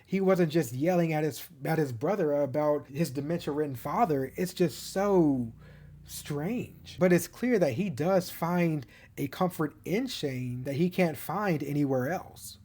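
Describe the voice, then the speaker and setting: A TV show reviewer with a somewhat high, darkish male voice gives a casual, rambling recap of a series. He's chatty and fond, sprinkling in lots of "like" fillers and restarting his sentences.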